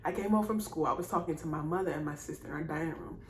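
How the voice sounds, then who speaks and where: A young woman with a low voice tells her own story straight to camera, rambling and circling back on herself. She is emotional and keeps apologizing as she goes. The room around her rings with echo, and a faint hiss sits underneath. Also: racing. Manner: rambling and repetitive, speaks straight to viewers; emotional, apologizing and laughing through tears. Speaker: vlogger. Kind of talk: casual personal storytelling to camera. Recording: echoey room with faint noise.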